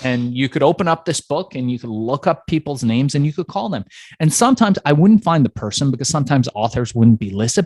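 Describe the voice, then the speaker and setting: A man's voice: on the high side, expressive, brisk, darkish tone, no echo. A man being interviewed, telling a story from his past with energy and acting out the voices of people in it. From Iran. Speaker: entrepreneur guest.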